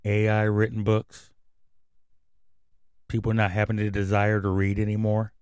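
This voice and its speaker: A man's voice: fairly low pitch, monotone, a little slow, darkish tone, clean tone, no echo. A man hosting his own radio show, riffing on news items in blunt, profane, rambling rants. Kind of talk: casual commentary and news reading.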